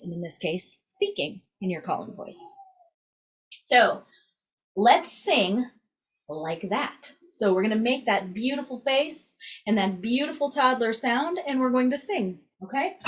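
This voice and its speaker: A young adult woman teaching a singing lesson, upbeat and demonstrative, checking in with "right?" after nearly every phrase. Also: mid-range voice. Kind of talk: vocal lesson to camera.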